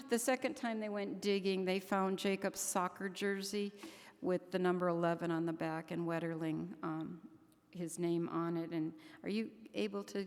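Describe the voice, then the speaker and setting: Older woman, grandmother, conference speech, earnest, heartfelt, halting restarts, long hall echo. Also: lowish voice. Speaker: keynote speaker at a conference. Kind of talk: public speech to an audience.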